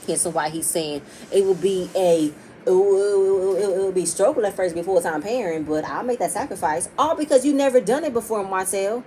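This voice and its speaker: A woman's voice: medium pitch, lively intonation, a little fast, dark tone, slight background noise, low-quality recording. Heated, profane woman reviewing a show. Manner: heated and profane, talking straight to viewers. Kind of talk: casual reality TV recap rant.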